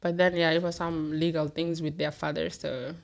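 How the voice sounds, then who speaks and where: Laughing woman from Africa, lowish voice. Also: flat delivery, normal speed, vocal fry. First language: Ndebele. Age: 30s. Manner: laughs often, repeats words as she starts. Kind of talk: casual chat.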